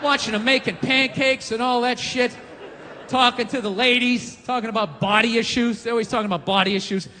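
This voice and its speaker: A man's voice: very high-pitched, fairly even intonation, fairly quick, sharp tone. A man in his forties doing a profane, exasperated stand-up rant on a comedy stage with a handheld mic. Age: 40s. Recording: live hall reverb, faint noise.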